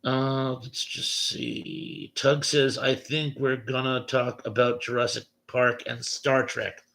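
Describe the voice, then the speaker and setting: A man's voice: mid-range voice, flat delivery, slow, a bit bright. A man hosting a late-night livestream chat, reading viewer comments aloud and chuckling at them between replies.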